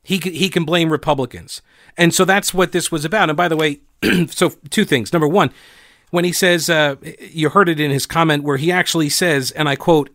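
A man's voice: fairly high pitch, moderate pace, fairly bright tone, no echo, studio quality. Sarcastic man doing political commentary. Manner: sarcastic, mocking, restarts often. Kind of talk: opinionated commentary.

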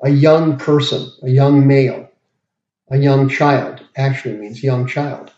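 A man preaching a verse-by-verse sermon, slowly explaining each word as he goes. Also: medium pitch, fairly even intonation, a little mellow. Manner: slow, deliberate, pauses to explain words. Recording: roomy, dull lo-fi podcast audio.

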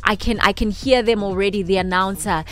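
A woman's voice: mid-range voice, steady tone, fairly quick, fairly bright tone. A woman from South Africa co-hosting breakfast radio, playful and a little dramatic. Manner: playful, mock-offended, dramatic. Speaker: radio breakfast show co-host. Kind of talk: radio banter.

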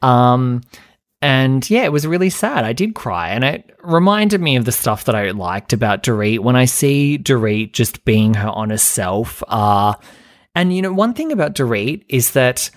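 Male podcast host, gossipy and chatty, medium pitch, dry close mic. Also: expressive, unhurried, dry recording. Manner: chatty, gossipy, dramatic mimicry in falsetto. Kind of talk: casual chat recap.

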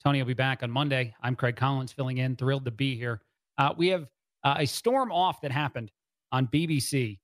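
A man's voice: medium pitch, fairly quick, no echo, studio quality. A man filling in as a radio host, giving rambling talk-radio commentary with many fillers and restarts. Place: radio studio.

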